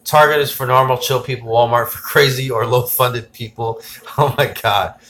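A man hosting a casual tech livestream. He rambles excitedly, reads viewer comments aloud and gives shout-outs. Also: medium pitch, moderate pace.

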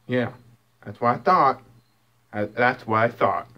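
A man's voice: mid-range voice, unhurried, highs cut off. Man scolding his cats, stammering. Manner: scolding, teasing, stammering restarts. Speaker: cat owner talking to his cats. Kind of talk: casual talk to pets.

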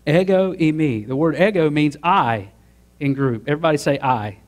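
A man's voice: a little high, moderate pace. A man preaching a sermon as pastor, asking the congregation to join in and building to emphatic peaks. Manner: preaching with rising emphatic build-ups and audience prompts.

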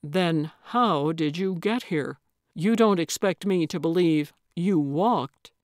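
A woman's voice: on the low side, takes it slowly, darkish tone, no room sound. A woman voicing a patient, mildly skeptical male police officer with a dry manner in an audiobook. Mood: wry.

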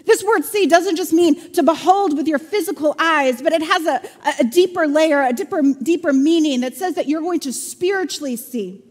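High-voiced woman preaching in a reverberant hall. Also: normal speed, few pauses. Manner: humorous storytelling, playful sarcasm. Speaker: pastor. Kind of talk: sermon. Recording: long church-hall reverb.

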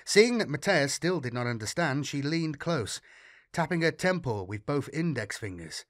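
A man narrating a grim sci-fi audiobook in an expressive storytelling reading. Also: a little high, moderate pace, no echo, studio quality. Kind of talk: scripted narration.

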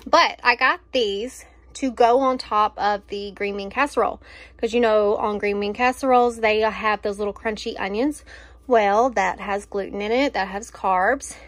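A woman's voice: mid-range voice, steady tone, normal speed, no room sound. Chatty woman, dry close sound. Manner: chatty, filler-heavy, enthusiastic. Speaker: vlogger showing a grocery haul. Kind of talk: casual chat.

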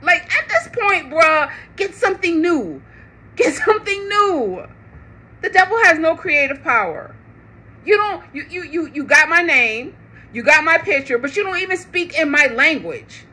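A woman giving a prophetic sermon online in a lively, conversational way, laughing often. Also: high-pitched. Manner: animated, laughing, conversational preaching. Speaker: online preacher. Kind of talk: prophetic preaching.

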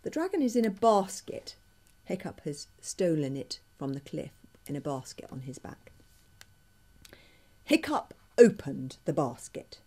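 Expressive, husky woman reading a story. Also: deep voice, measured pace. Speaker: author reading her book. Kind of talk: reading aloud a children's story.

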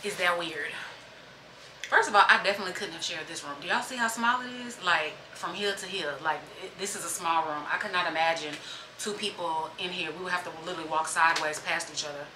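A woman's voice: lowish voice, fast. A woman chatting casually to her viewers in a travel vlog, filmed on a handheld phone. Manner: chatty, addresses viewers as y'all. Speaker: vlogger. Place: city streets and a small hotel room. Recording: echoey with loud street noise.

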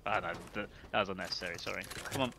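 A man's voice: rapid-fire, vocal fry. Sweary gamer man, noisy mic. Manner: swears a lot, teasing, bursts into high laughs. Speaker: gaming stream squad member. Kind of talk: casual chat while gaming.

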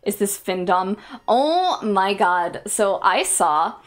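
A woman's voice: medium pitch, sing-song, slow, soft background music. A young adult woman streaming casual chat, sarcastic and rambling, laughing between jokes. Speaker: VTuber streamer.

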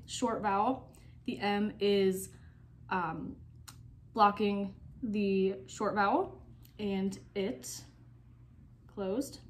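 Young woman teacher for a recorded phonics lesson; slow, patient delivery that sounds out syllables, mid-pitched. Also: a little hiss or hum.

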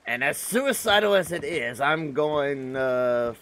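Male streamer, unhurried and animated, self-mocking chatter over quiet game noise. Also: mid-range voice. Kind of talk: casual gameplay commentary.

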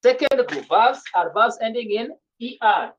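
A woman's voice: a little high, animated, normal speed, a little hiss or hum. A woman teaching a French grammar lesson in an online class, often repeating and restarting her words. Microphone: video call. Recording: dull lo-fi video call audio.

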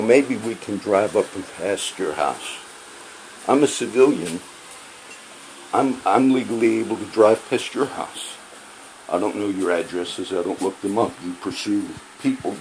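A man's voice: fairly low pitch, darkish tone, slight background noise, poor audio. A man angrily ranting about police to his audience, heated and profane, often repeating himself. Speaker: vlogger. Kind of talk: angry personal rant to camera.

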